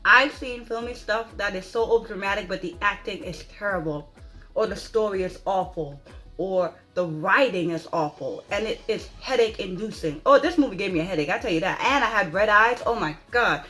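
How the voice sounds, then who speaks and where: A woman giving an excited, dramatic spoken movie review, stressing points with repeated rhetorical questions. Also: mid-range voice, normal speed, soft background music. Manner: dramatic, emphatic, repeats "okay?" for emphasis.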